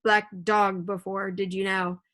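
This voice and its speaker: A woman reading aloud, voicing a hearty, blustering one-legged pirate innkeeper who talks gruffly and bossily. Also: medium pitch, little pitch movement, a little slow, fairly bright tone, natural voice. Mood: stern.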